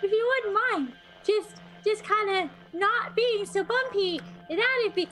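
A woman doing a squeaky, jittery, overexcited woman. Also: takes it slowly, sharp tone, soft background music, heavily acted. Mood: pleading giddy. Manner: rambling, whiny pleading.

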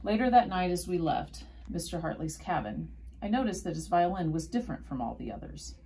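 Woman reading a kids book out loud, low steady voice. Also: fairly quick, poor audio. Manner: steady first-person narration. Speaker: storyteller. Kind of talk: storybook read-aloud.

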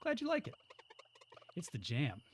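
A man voicing a cheerful, generous young cook in a game read-along, bright and eager. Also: fairly high pitch, huge pitch swings, normal speed, a little hiss or hum.

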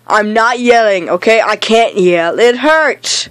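A woman doing a comedic gaming rant, bossy and exasperated, shouting directions at a teammate while insisting she is not yelling. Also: fairly high pitch, takes it slowly, hardly any pauses, clear, resonant tone, no echo. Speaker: gamer in a comedy skit.

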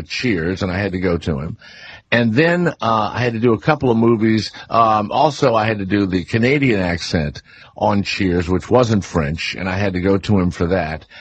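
Older male radio host in his sixties, New Orleans accent, deep husky voice, rambling talker. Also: expressive, normal speed, no room sound. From New Orleans, Louisiana. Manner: rambling storyteller, many fillers and restarts. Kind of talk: casual radio talk.

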